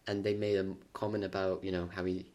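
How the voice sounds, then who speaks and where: Low gravelly young man, eager. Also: little pitch movement, darkish tone. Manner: agreeable, enthusiastic, lots of quick affirmations. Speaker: podcast co-host. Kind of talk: casual chat.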